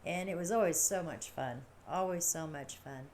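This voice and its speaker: A woman's voice: fairly low pitch, normal speed, a little mellow, slight background noise. A middle-aged woman hosting a livestream, talking casually in a rambling, chatty way and laughing often. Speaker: livestream host. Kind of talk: casual chat.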